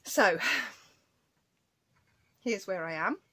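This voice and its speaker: A woman's voice: mid-range voice, expressive, extremely slow, pushed and bright, slightly rough. Chatty woman rambling about stitching. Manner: chatty, rambling, scolding her cat between asides. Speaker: cross-stitch vlogger. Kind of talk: casual chat to camera.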